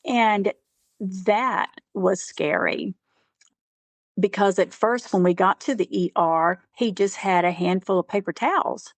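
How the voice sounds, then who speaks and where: A woman being interviewed as a caregiver, speaking earnestly and haltingly, with many "you know" fillers. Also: medium pitch, no room sound. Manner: earnest, faith-driven. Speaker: guest, caregiver. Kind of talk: conversational interview.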